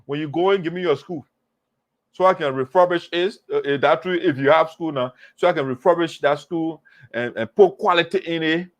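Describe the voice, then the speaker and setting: High-voiced man mocking rivals. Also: a little fast. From Liberia. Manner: animated, mocking, repeats phrases for emphasis. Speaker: talk show host. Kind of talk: political commentary monologue.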